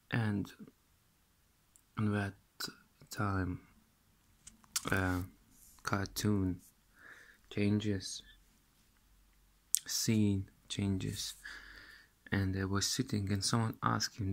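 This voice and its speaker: A man speaks slowly and haltingly in broken English, stopping and restarting often. His voice is low and heavily gravelly, with lots of vocal fry. He sounds like he is casually retelling a dream. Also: little pitch movement. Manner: halting non-native English, many restarts. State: tearful, weeping while retelling.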